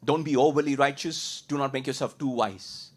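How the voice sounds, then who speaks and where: At a moderate pace and in a mid-range voice, a man preaches as a pastor, asking rhetorical questions and driving points home by repetition. He moves between booming, emphatic lines and softer ones.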